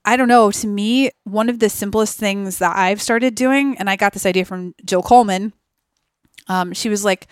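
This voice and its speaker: Smooth-voiced woman chatting on a podcast. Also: mid-range voice, moderate pace, dry recording, clean studio sound. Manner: chatty, thinks aloud with many fillers. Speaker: podcast guest. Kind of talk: casual conversational interview.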